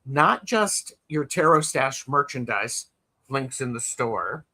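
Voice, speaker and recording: Slow-talking guy with a bright voice, playful tarot stream cohost on a video call, keeps restarting his sentences. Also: medium pitch, sing-song. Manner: chatty and playful, trailing off and restarting. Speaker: co-host of a tarot livestream. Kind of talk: casual live chat.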